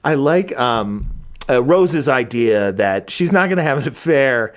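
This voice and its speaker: A man's voice: mid-range voice, expressive, measured pace. A man co-hosting a casual podcast, easygoing and wry, often chiming in with short agreements. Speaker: podcast co-host.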